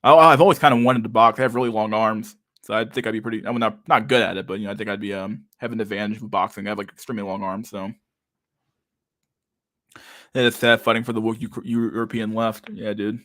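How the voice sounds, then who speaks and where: A man in his thirties hosts a loose live stream, reading viewer chat aloud in a low, fairly bright voice that barely shifts in pitch. He talks fast and casually, swearing through the comments and saying "dude" constantly. The recording is dry and close, with no room sound.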